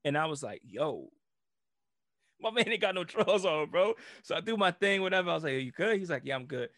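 A man in his thirties, a former police officer, telling a story in casual chat, animated and profane and laughing often. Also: fairly high pitch, brisk, dry recording, clean studio sound.

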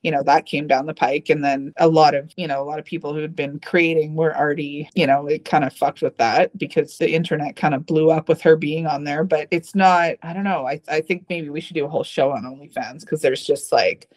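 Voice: medium pitch, steady tone, a little fast, hardly any pauses. A podcast co-host who reads a personal essay aloud and then chats casually, candid and profane, with rambling asides.

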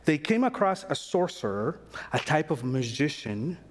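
A man preaching a sermon in a casual, animated way, acting out the voices of figures in the story. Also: fairly high pitch, normal speed. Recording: long hall reverb.

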